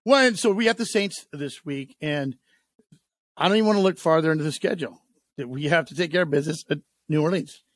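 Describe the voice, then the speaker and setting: A man's voice: on the high side, fast talker, no room sound. A man hosting a sports radio show, chatting casually and telling stories with playful, joking energy. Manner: jokey, playful storyteller. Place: radio studio.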